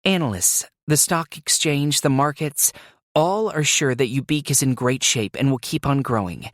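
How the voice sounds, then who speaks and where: Voicing a determined young woman, a man presses her case with tense urgency, his pitch raised above his natural voice yet still near an everyday register. He speaks at medium pitch and a moderate pace with a slightly bright tone. The studio-quality recording carries no room sound, and the mood is urgent.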